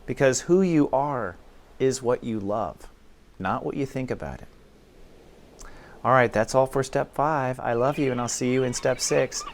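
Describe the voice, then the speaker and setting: A man's voice: mid-range voice, unhurried, slight background noise. Casual man giving a spiritual talk. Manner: informal, plays out inner dialogues in quoted voices. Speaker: spiritual teacher.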